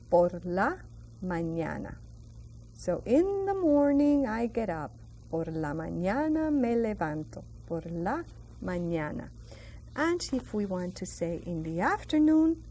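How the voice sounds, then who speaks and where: A woman's voice: medium pitch, mellow, a little hiss or hum. A woman from Puerto Rico with a Puerto Rican Spanish accent, teaching a Spanish lesson and drawing out each phrase for pronunciation drills. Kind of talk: classroom TV lesson.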